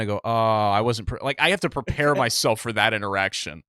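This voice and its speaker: A young man co-hosting a casual podcast, telling animated stories and acting out what other people said. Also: fairly low pitch, fast talker, dry recording, clean studio sound. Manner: animated storytelling, acts out other people's lines. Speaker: podcast co-host. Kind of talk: casual chat.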